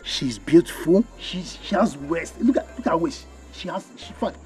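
A man playing a high-voiced mocking braggart. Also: lively intonation, normal speed, a little mellow, faint music behind, lightly acted. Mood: teasing. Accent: Nigerian Igbo. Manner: mocking, boastful, mixes Igbo and English. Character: boastful teasing young man, self-styled master.

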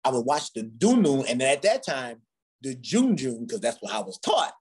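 A man's voice: mid-range voice, sing-song, moderate pace, a little mellow, slightly rough. A man from Ghana, a drummer, telling stories from his childhood in a conversation and acting out the voices of the people in them. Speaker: guest drummer. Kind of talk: storytelling in a conversation.

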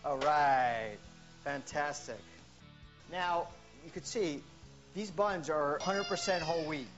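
A woman coaching a cook through a quick healthy meal in a home kitchen, upbeat and always checking in with "okay?". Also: deep voice. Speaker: nutrition coach. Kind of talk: cooking demonstration. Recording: dull lo-fi sound with music behind.

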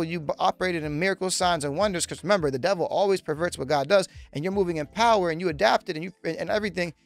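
Emphatic pastor, fairly high voice. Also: male voice, gravelly. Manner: emphatic, repetitive, direct address to listeners. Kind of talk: sermon-style teaching.

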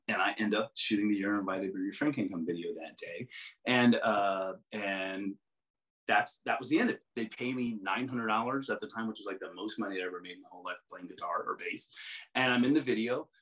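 A middle-aged musician, guesting on a casual storytelling interview, rambles through long stories with many restarts and often mimics other people's voices. His voice is fairly low and a bit bright, and he talks a little fast. The recording is rough.

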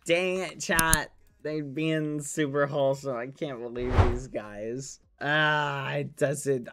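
A man's voice: medium pitch, a bit bright. Cheerful male streamer with minced oaths. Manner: cheerful and gushing, minced oaths instead of swearing. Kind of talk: casual live-stream chat, reading fan messages aloud.

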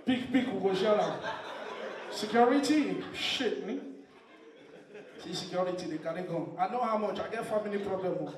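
A man from Nigeria with a Nigerian Pidgin English accent, doing stand-up comedy, swinging from shouted punchlines to low asides. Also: fast, hardly any pauses, far from the mic, a crowd in the background. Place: live comedy stage. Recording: echoey venue heard from off mic. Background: laughing audience.

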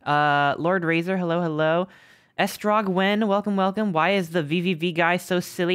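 A man's voice: high-pitched, normal speed, a bit bright, clear, resonant tone, dry recording, studio quality. A man streaming a game live, chatting playfully, teasing viewers and greeting them by name from a home setup. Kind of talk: casual live-stream chat.

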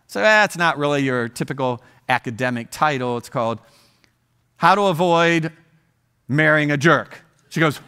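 A man's voice: on the high side, animated, normal speed, sharp tone, clean tone. A man in his sixties from Ohio, a guest speaker telling a story in a humorous sermon, with joking asides to the audience. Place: church auditorium.

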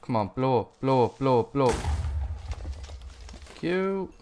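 A man narrating his own gameplay, cursing almost every other sentence as things go wrong. His pitch swings widely, jumping up with outrage and dropping into muttered grumbles. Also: animated, unhurried, darkish tone, slight background noise. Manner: swears constantly, frustrated outbursts at the game. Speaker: gamer. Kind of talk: let's play commentary.

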